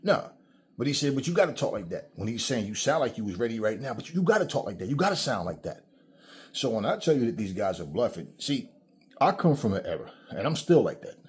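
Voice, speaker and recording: A man vents to his camera in a casual commentary rant. His voice is husky, sitting at a middling pitch. He is blunt and profane and lectures the audience like a preacher. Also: very animated, fast talker. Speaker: commentary vlogger. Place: in front of his own camera.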